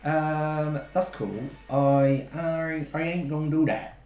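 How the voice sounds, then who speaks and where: A man's voice: a little high, level tone, takes it slowly, darkish tone. A man playing a tabletop game, hesitant, with many ums and restarts while he declares his moves. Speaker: player. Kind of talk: casual tabletop game play. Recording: roomy echo with faint music.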